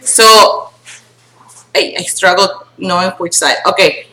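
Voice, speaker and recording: A woman teaching grammar to a student, patient and checking in often with "okay?", slowing down to spell words out letter by letter. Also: lowish voice, sharp tone, roomy sound, poor audio. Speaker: Spanish teacher.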